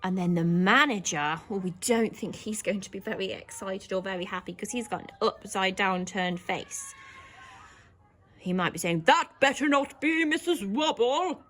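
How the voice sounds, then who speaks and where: A woman with an English accent teaching young children, speaking slowly and clearly and acting out characters' lines in big high voices. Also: fairly even intonation, fairly bright tone, a little hiss or hum. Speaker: primary school teacher.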